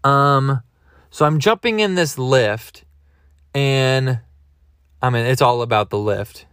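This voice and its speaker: A man's voice: medium pitch, slow pace, fairly bright tone, smooth, no echo, clean studio sound. A man hosting a podcast, telling a comic story in a rambling, digressive, self-mocking way. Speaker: podcast host. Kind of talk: comedic storytelling monologue.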